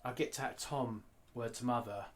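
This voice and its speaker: A man talking candidly in an interview, blunt and animated, swearing freely. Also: mid-range voice, moderate pace, a little hiss or hum. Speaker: guest artist.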